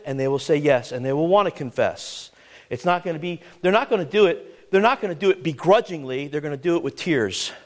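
A man preaching a sermon as pastor, pressing the congregation with emphatic rhetorical questions. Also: fairly high pitch.

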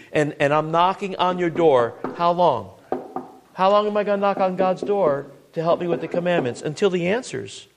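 A man preaching a sermon, earnest and searching, often repeating words and asking the congregation questions. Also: fairly high pitch.

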